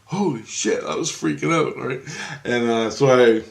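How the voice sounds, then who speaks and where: A man telling a story in a rambling, excitable way, with lots of swearing and restarts. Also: medium pitch, normal speed, vocal fry. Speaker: vlogger. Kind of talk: casual storytelling.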